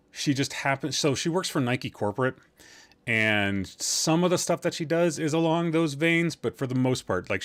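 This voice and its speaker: A man hosts a live-streamed podcast from a room at home, talking off the cuff. He rambles from one thing to the next and keeps teasing and joking with the people in his chat. His voice sits at an ordinary middle pitch for a man. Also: fairly bright tone.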